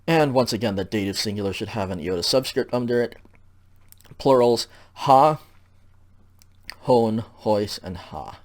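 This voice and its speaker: A man giving a recorded lecture over slides, patient and explanatory, checking in often and filling pauses with ums. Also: fairly low pitch, a little mellow. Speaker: teacher.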